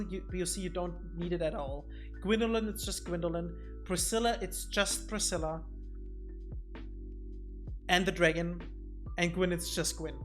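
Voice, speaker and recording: A streamer giving casual gameplay commentary on a desk mic, thinking aloud and often repeating words while explaining boss fights. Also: mid-range voice.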